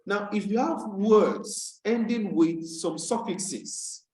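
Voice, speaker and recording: A man teaching over a video call, patiently repeating every key point as he explains. His voice sits a little high for a man. The call audio carries a roomy echo. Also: takes it slowly, darkish tone. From Nigeria. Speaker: English tutor. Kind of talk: online class lecture.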